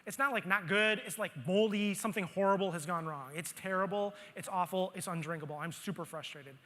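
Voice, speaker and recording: A man speaking at a conference, telling a story from his own life in an animated way and acting out his own grumbling. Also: sits high, a little fast. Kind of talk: storytelling talk on stage. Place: conference hall stage. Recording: long hall reverb.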